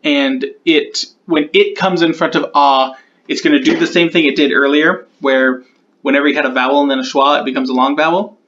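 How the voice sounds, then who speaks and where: A man's voice: a little high, steady tone, fairly quick, a bit bright, dull audio. Man thinking aloud through sound-change rules. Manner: thinks aloud, corrects himself mid-sentence. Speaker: conlang creator explaining sound changes. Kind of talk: casual explanatory walkthrough.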